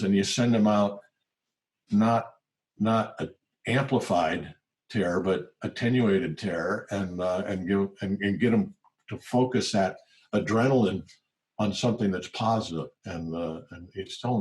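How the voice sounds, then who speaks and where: A man's voice: sits low, normal speed. A man, a former tech executive in his sixties, chatting in an interview and acting out the voices of the people in his stories. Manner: animated storyteller who acts out quoted voices. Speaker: guest, former tech CEO. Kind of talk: casual interview talk.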